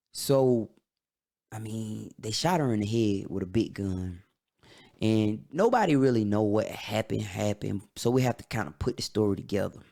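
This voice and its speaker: A man hosting a podcast, telling a personal story in a candid, halting way. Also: on the low side, gravelly, dark tone. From Atlanta, USA. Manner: candid, halting, emotional retelling. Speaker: podcast host.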